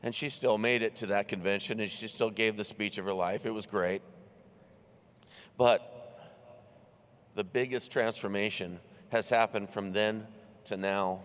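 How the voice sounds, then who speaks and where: A man's voice: on the low side, fairly even intonation, measured pace, clean tone. A young man giving an earnest, heartfelt stage introduction at a large convention. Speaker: introducing speaker. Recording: long hall reverb in arena.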